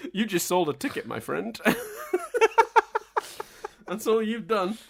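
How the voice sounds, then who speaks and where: A man's voice: high-pitched, big pitch swings, slow pace, gravelly, breathy edge. A man hosting a casual podcast. He talks in a chatty, teasing way, and his voice rises and falls a lot as he goes. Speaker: podcast host.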